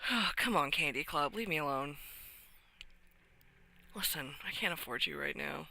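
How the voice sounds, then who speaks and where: A livestreamer chatting casually at home in the morning, often soft and half-whispered. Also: mid-range voice, animated, normal speed, vocal fry, no echo. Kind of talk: casual live-stream chat.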